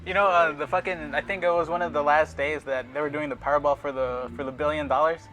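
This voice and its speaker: A young man chats loosely as a podcast guest in a slightly high voice. He swears easily and lets his sentences trail off, with music clearly audible behind him. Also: fairly even intonation, quick pace, a bit bright, low-quality recording. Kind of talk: casual chat.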